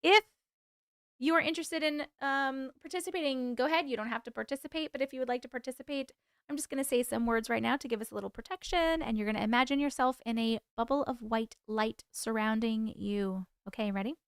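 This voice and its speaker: A woman's voice: a little high, fast talker, smooth, dry recording, studio quality. A woman hosting a casual livestream, chatting with viewers, laughing often and stumbling over hard words. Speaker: livestream host reading viewer stories.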